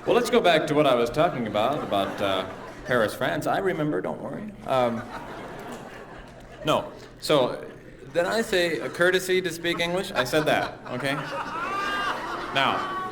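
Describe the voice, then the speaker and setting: A man's voice: fairly high pitch, animated, moderate pace, a crowd in the background. A man doing live stand-up comedy, mock-earnest and silly, slipping into goofy voices. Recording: echoey live hall recording with audience noise.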